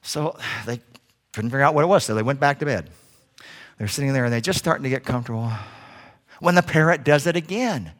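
A man preaching a sermon, telling a story in an animated way. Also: medium pitch, fast talker. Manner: animated storyteller doing voices.

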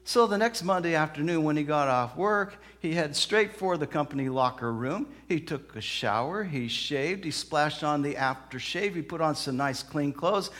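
A man preaching a sermon, telling stories and acting out the people in them, moving between soft, slow passages and loud outbursts. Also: fairly high pitch, expressive. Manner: dramatic, acts out quoted voices, swings from soft to loud. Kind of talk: sermon with storytelling.

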